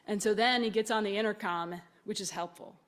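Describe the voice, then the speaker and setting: A woman telling a story in conversation, animated, acting out the voices of the people she quotes and laughing often. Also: mid-range voice, a little fast. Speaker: speaker.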